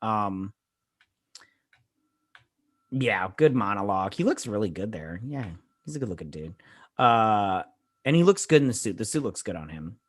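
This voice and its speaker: A man's voice: on the low side, lively intonation, normal speed, pauses often. A man hosting a casual episode recap, rambling with lots of fillers and blunt opinions. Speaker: show host reviewing a TV episode.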